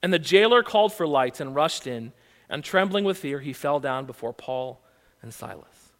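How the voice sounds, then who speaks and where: Speaking at normal speed in a fairly high voice, a male pastor delivers a sermon in a hall with lingering reverb. He brings the text to life with animated retelling and asks rhetorical questions.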